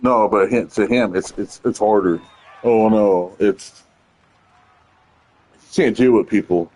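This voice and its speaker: A young man chatting casually while gaming, animated and heavy on swearing, acting out the people in his stories. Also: lowish voice, takes it slowly, poor audio. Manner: profane, animated storytelling, mimics others. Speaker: streamer.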